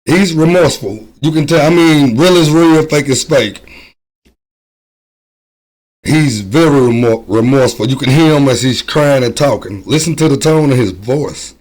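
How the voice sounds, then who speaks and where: A man hosting a reaction video, commenting thoughtfully with frequent pauses and ums. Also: medium pitch, a little mellow, low-quality recording. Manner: thoughtful, hesitant, many ums. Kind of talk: casual commentary.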